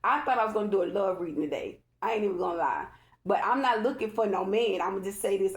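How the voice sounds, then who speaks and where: This tarot reader talks fast in a mid-range voice, giving an easygoing spiritual reading to her viewers. Emphatic and chatty, she loops back over the same points in colloquial language and keeps asking them "okay?"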